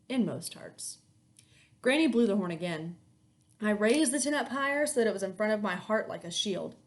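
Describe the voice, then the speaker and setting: A woman teacher reading a children's novel aloud to her class, with expressive storytelling. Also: medium pitch. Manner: expressive storytelling, lively intonation.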